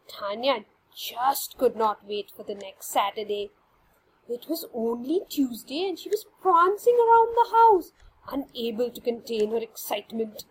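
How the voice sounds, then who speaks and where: A woman reading a children's story aloud in an expressive, animated way. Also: a little high, a little hiss or hum, rough recording.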